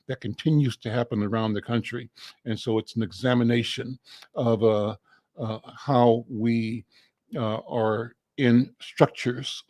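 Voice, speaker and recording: Slow, halting male interview host. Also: mid-range voice, no echo. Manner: slow, halting with many fillers. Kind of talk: community interview.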